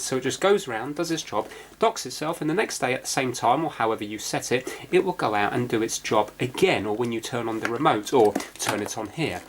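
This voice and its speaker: A man's voice: medium pitch, noisy background. A man hosting a repair video, explaining his work in a casual, rambling way with plenty of fillers and restarts. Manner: chatty, rambling, self-deprecating, many fillers and restarts.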